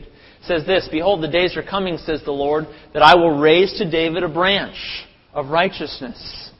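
A man preaching a sermon, animated, acting out crowd voices with sudden loud bursts. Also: a little high. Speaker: pastor. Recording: dull lo-fi audio with long hall reverb.

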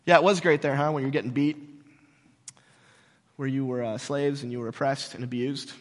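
A male pastor preaching a sermon in an animated, jokey way with sarcastic asides, recorded in a large hall with long reverb. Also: medium pitch, moderate pace.

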